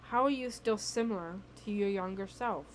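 A young woman at a middle pitch tells a story on her podcast in loose, casual chat, animated, cursing and breaking into laughs. She talks from her bedroom at home. A faint background noise sits under her voice. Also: normal speed. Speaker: podcast host.

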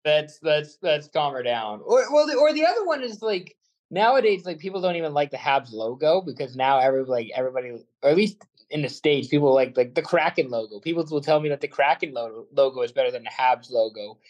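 A man's voice: a little high, lively intonation, fairly quick, a little mellow, lo-fi sound. Chatty Canadian man talking sports. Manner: rambling, chatty, self-aware asides. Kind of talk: casual sports chat.

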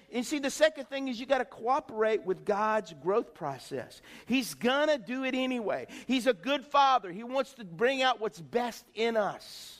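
A man's voice: very high-pitched, expressive, normal speed, a bit bright, long reverb tail. A middle-aged male pastor giving a folksy sermon, calling out to his congregation with rhetorical questions. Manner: folksy, preachy, calls out to the congregation. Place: church sanctuary.

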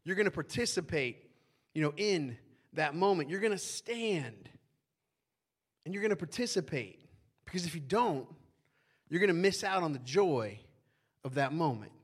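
A man's voice: on the high side, expressive, normal speed, long pauses, slightly rough. Chatty pastor man, preaching live. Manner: conversational, keeps asking "right?". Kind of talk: sermon.

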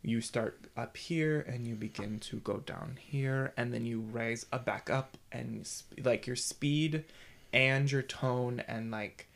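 Man, gravelly voice, casual podcast chat, rambling, halting, restarts a lot. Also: mid-range voice, a bit bright. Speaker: podcast co-host.

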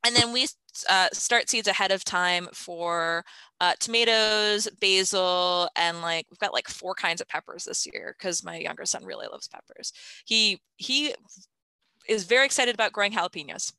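30s mom chatting away, lots of ums and laughs, crisp bright tone. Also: female voice, mid-range voice, normal speed, no echo, rough recording. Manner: chatty, laughing often, many fillers. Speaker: interviewee, gardening parent. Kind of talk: casual interview chat.

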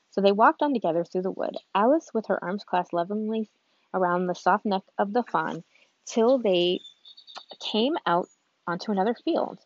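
A woman's voice: medium pitch, lo-fi sound. A woman reading a children's book aloud from a street, informal, with restarts and asides. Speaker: reader.

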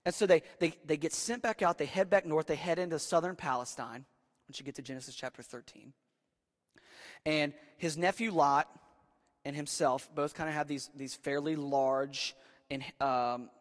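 A young man preaching a casual, conversational sermon, often checking in with "right?" and acting out the people in his story. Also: a little high. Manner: keeps asking "right?" and acts out voices in quotes. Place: church hall with a live audience. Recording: long reverb of a large hall.

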